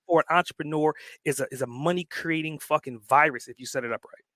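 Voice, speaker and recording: A man's voice: fairly high pitch, fast, dry recording. Fired-up man swearing in podcast talk. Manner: emphatic, swears freely, revs up when excited. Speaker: podcast guest, entrepreneur. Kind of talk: casual podcast conversation.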